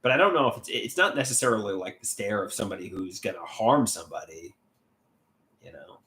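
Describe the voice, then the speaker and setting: Guy rambling on his livestream reading chat, lively up and down voice, lots of restarts, echoey room. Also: lowish voice, a little fast. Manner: rambling, repeats and restarts words.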